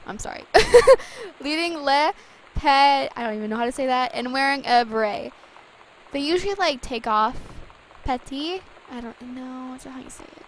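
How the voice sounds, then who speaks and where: A woman's voice: fairly high pitch, a little hiss or hum, poor audio. A young woman giggling and chatting as she plays a game, reading its text aloud. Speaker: let's play gamer. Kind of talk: casual gameplay commentary.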